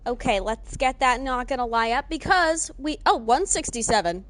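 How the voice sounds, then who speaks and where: A woman streaming live, chatting casually and excitedly greeting her viewers. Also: high voice, normal speed, no room sound. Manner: excitable, greets chat warmly.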